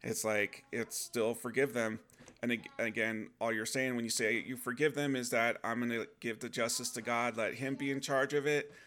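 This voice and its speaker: A man's voice: medium pitch, fairly even intonation, moderate pace, a bit bright. A man giving an earnest, rambling talk about faith, often restarting his sentences.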